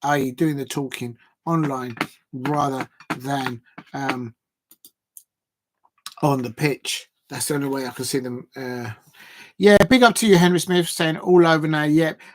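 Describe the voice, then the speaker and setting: Rambling football streamer. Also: male voice, mid-range voice, fairly even intonation, a little slow, pauses often. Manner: rambling, chatty, thinks aloud with many fillers. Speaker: football livestream host. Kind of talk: casual live chat reacting to viewers.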